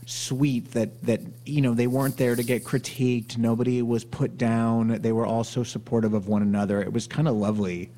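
A man's voice: mid-range voice, flat delivery, moderate pace, hardly any pauses, dark tone. A man hosting a podcast, asking his guest questions in loose, chatty conversation. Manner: chatty, asks loose questions, laughs along. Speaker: podcast host. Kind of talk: casual interview chat.

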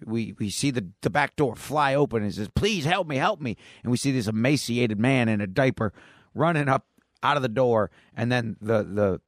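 A podcast co-host casually retells a comic's plot, rambling along with plenty of fillers and restarts. His voice is medium-pitched, recorded dry in studio quality.

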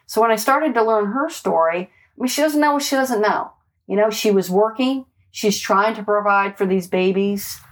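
A woman's voice: mid-range voice, normal speed. A woman, a homicide detective, telling stories from her street days in a casual, emphatic way, swearing and often asking "right?". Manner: animated, emphatic, swears, peppers speech with "right?" and "like". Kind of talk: casual storytelling in conversation.

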